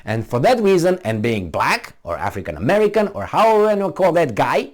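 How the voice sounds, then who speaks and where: A man's voice: on the high side, sing-song, normal speed, hardly any pauses. A man speaking English as a second language, giving a blunt, rambling opinion monologue with frequent restarts and swearing. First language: not English. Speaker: commentator.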